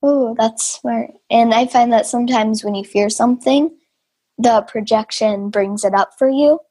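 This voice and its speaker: Casting: female interviewer, husky tone, higher pitch, gentle and encouraging. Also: fairly even intonation, unhurried. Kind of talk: casual interview.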